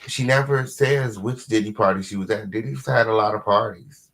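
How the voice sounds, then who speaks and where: A man hosting a casual live commentary stream at home, sassy and full of repeated drawn-out catchphrases. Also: on the low side, a bit bright. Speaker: livestream host.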